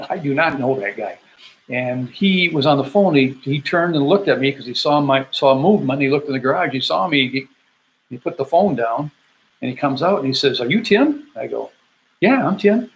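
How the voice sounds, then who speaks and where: An older man from Michigan, a military veteran, telling a personal story in an animated way and acting out the people in it. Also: medium pitch, normal speed, rough recording. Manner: animated, acts out the voices of people in his story.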